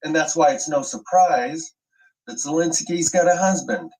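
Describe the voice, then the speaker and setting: A man's voice: fairly high pitch, normal speed, a little mellow, recorded from a distance, low-quality recording. A man hosting an online commentary video, ranting with emphatic, profane sweeping claims.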